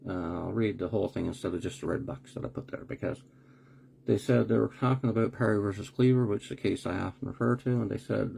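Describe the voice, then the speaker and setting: Gravelly low-voiced man hosting a live stream. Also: warm tone, slight background noise. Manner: blunt, rhetorical questions, sarcastic asides; swears when annoyed. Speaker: host of a live online broadcast.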